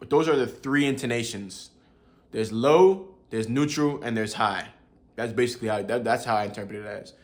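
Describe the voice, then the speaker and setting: This young man, a language learner teaching his viewers, explains tones at a moderate pace in a mid-range voice. He's easygoing and chatty, laughing lightly and calling people bro a lot.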